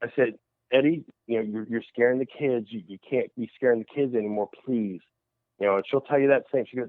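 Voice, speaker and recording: A man calls in over a thin, phone-quality line and tells a long investigation story. His voice sits at a middle pitch. He slips into other people's voices while he talks, and the sound is close and dry. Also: brisk, no echo. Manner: animated storyteller who acts out quoted voices. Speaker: paranormal investigator guest. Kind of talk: storytelling in a radio interview.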